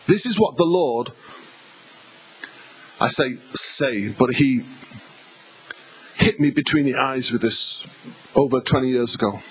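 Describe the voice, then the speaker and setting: A man's voice: mid-range voice, slow pace, pauses often, slight background noise, poor audio. An English man preaching a sermon as pastor, emphatic and conversational, repeating himself and speaking to the congregation. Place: church hall.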